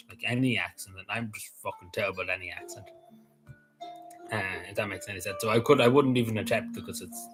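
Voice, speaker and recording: A man's voice: mid-range voice, a bit bright, rough recording. Rambling Irish man with a Cavan accent. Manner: rambling, repeats himself, answers chat messages. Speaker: livestream host. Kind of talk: casual livestream chat.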